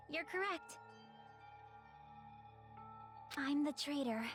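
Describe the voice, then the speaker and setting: A woman voicing a calm, soft-spoken young girl in a video game, speaking in a gentle, measured, hesitant way. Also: sits high. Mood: resigned.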